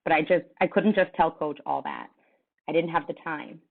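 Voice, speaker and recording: Low-voiced woman reading a novel aloud. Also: moderate pace, creaky. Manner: expressive read-aloud. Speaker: teacher. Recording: tinny phone-like sound.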